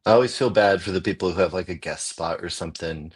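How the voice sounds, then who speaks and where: Lively, low-voiced American man telling a story. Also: fast talker, slightly rough. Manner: animated, acts out quoted voices, laughs often. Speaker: comedian guest. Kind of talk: casual storytelling chat.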